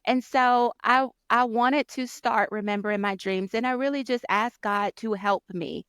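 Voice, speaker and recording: Higher-voiced woman co-host, dry sound. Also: moderate pace, clear, resonant tone, no echo. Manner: warm, encouraging listener, laughs easily. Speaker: podcast co-host. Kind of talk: casual chat.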